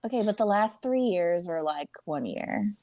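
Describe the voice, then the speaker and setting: A woman's voice: on the low side, moderate pace, a crowd in the background. A middle-aged woman with a Southern US accent, chatting casually as a cast member in a live Q&A and acting out little quotes. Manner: animated, acts out quotes. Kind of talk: casual chat.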